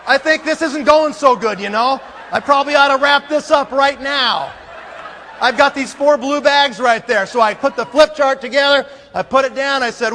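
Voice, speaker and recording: A man telling a comic story as a conference speaker, animated and acting out scenes with sound effects, in a large hall. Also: very high voice, moderate pace, a little hiss or hum.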